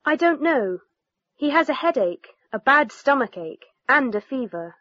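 A worried mother speaks politely and with concern, read by a woman in a fairly high voice. The textbook dialogue is read dry and close. It sits on a dull lo-fi recording. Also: big pitch swings, measured pace, fairly bright tone, dry recording, full character voice. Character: worried mother phoning the doctor.

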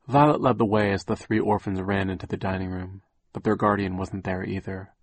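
Casting note: male audiobook narrator, low-pitched and husky, measured, dry close sound. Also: steady tone, no room sound. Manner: measured, gently dramatic storytelling. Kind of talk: scripted narration.

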